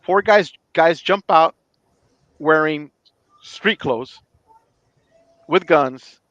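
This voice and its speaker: A man's voice: a little high, drawn-out words, dry recording, dull audio. A middle-aged man, a retired police chief, telling a story in a casual podcast chat and acting out the dialogue. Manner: animated, acts out quoted dialogue.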